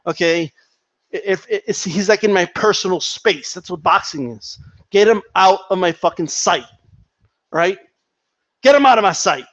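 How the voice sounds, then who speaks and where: Reading his stream chat, a man vents about boxing in casual, heated bursts full of swearing and repetition. His voice is high and fairly bright, with lively intonation, normal speed and frequent pauses. The audio is muffled but free of room sound.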